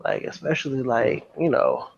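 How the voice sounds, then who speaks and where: A man's voice: medium pitch, moderate pace, vocal fry, no echo. A man co-hosting a podcast, talking in a laid-back, emphatic casual way. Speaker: podcast co-host. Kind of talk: casual chat. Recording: dull mic with audible noise.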